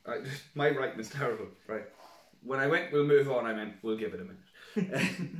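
A man's voice: medium pitch, animated, normal speed, pauses often. A man, co-hosting a casual podcast, swearing freely and laughing through his stories. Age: 20s. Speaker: podcast co-host. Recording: roomy, mic at a distance.

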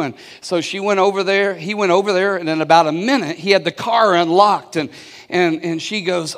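A pastor with a high, fairly bright voice preaches at normal speed in a church hall, telling a story and calling for the congregation to answer back. He keeps restarting and repeating words, and the large hall's long reverb trails behind him.

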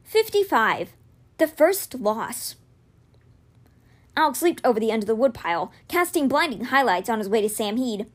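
A woman reading a children's fantasy novel aloud, narrating expressively. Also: normal speed. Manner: expressive, voices dialogue with raised pitch. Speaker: reader.

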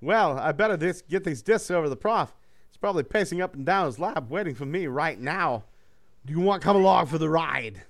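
A man's voice: on the high side, lively intonation, a little fast. Cheerful young male robot hero, breezy, slightly boastful, light voice, read by a man. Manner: breezy, friendly, a little boastful. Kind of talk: reading a character's lines aloud.

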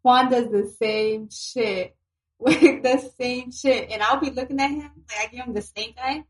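Woman, high voice, casual chat, teasing, laughs often. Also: fairly even intonation, measured pace, rough recording.

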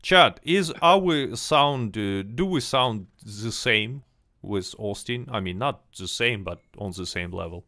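A man's voice: fairly low pitch, lively intonation, a little slow, sharp tone, dry recording, clean studio sound. A man hosting a casual livestream chat, reading viewer questions and interviewing a guest, often repeating words as he restarts. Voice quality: slightly hesitant, repeats words. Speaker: stream host.

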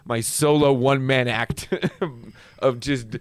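A man's voice: mid-range voice, steady tone, takes it slowly, clear, resonant tone, no echo. Rambling male comedian, dry close mic. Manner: rambling storytelling with many restarts and fillers; laughs at his own stories. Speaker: comedian guest. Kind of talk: casual podcast chat.

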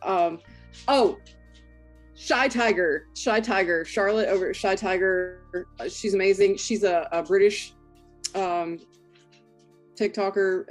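A woman guest on a casual podcast, hesitant and rambling with many pauses. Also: on the low side.

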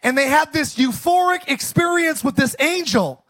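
Guy pastor preaching loud and funny, super high voice, bouncy up and down. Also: normal speed. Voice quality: high, bright, animated preaching voice. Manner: energetic, jokey, often bursts into shouting. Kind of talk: comedic Easter sermon.

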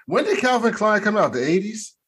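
A man guesting on a podcast in casual chat, chiming in with quick asides. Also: high voice, big pitch swings, a bit bright, breathy edge.

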